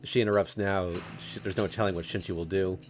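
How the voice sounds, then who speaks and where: A man's voice: low voice, steady tone, a little fast, faint music behind. A male streamer reading a visual novel aloud in first person, with casual joking asides.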